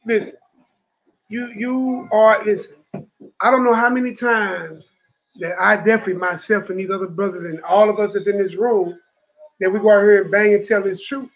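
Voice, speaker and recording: A man leads a Bible study with an emphatic preaching delivery, his voice sitting notably high. He keeps checking in with the listeners around him. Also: steady tone, normal speed, a little hiss or hum, rough recording. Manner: emphatic, repeats "you know what I'm saying". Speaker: teacher leading a Bible study. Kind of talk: preaching to a room of brothers.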